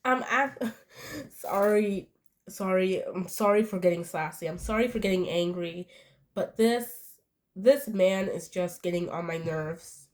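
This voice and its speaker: A young woman giving an indignant, rambling reaction commentary, full of fillers. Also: lowish voice.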